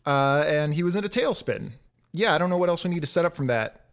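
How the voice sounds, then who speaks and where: A man hosting a casual comic book podcast. He talks in an animated way and swears freely. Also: a little high, fast talker, clean tone. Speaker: podcast host. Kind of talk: casual chat.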